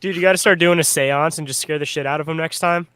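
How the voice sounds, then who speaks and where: A young man chats easily on a podcast, tossing in "dude" and "bro." His voice sits a little high. The sound is close and dry. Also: fairly even intonation, fast talker, fairly bright tone, clean tone, dry recording. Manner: laid-back, calls people dude and bro. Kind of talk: casual chat.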